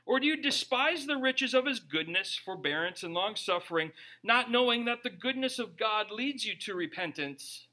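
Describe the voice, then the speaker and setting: A male pastor preaches with a high, very bright and ringing voice. He keeps the sermon casual and joking, and slips into short acted-out quotes as he goes. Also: animated, normal speed. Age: young adult or middle-aged, a parent.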